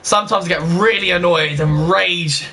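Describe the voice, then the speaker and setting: A young man hosting a casual let's-play, chatting straight to his viewers and quick to get annoyed. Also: high-pitched, sharp tone. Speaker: gaming channel host.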